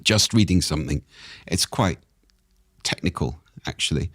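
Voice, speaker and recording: A man with a very low voice talks as a podcast guest, his delivery expressive and animated. The sound is close and dry, with no room around it. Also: normal speed, dry recording. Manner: expressive, animated delivery with wide pitch swings. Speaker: speaking expert guest. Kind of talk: interview conversation.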